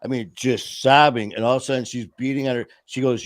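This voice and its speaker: A man's voice: medium pitch, steady tone, quick pace, no room sound, studio quality. A man in casual podcast talk, earnestly telling a personal story.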